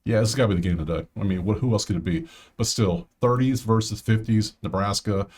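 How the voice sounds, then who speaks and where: Man, lowish voice, casual solo commentary, thinking aloud, fillers and restarts. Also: fast, darkish tone. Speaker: sports betting host.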